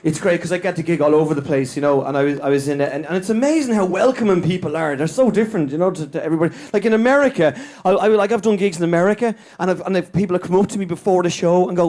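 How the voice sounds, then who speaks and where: A male stand-up comedian rattles through a touring anecdote, tripping over restarts. He mimics the people he meets in a high voice. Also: a little mellow. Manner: rapid, stumbling restarts, mimics audiences.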